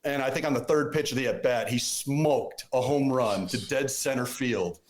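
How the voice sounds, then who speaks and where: A man co-hosting a sports podcast, telling a story with enthusiastic, animated energy. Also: mid-range voice, normal speed, echoey room. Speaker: podcast co-host. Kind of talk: casual sports chat.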